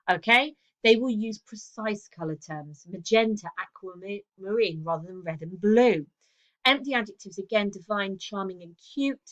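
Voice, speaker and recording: Woman teacher doing a recorded revision lesson, average pitch, explains step by step, keeps saying okay and um. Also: dull audio. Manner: explanatory, checks in with frequent "okay" and "um". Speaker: English teacher.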